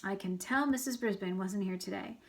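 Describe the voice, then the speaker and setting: A man's voice: high voice, moderate pace, creaky, fairly bright tone. Woman doing a drawling good-natured custodian. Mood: dismayed. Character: good-natured male school custodian, easygoing.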